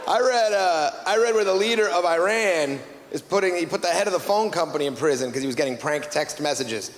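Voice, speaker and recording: A man with a fairly high voice performs stand-up on a club or hall stage, brisk and animated as he tells stories with wry exasperation. The hall is reverberant and the surrounding ambience noisy.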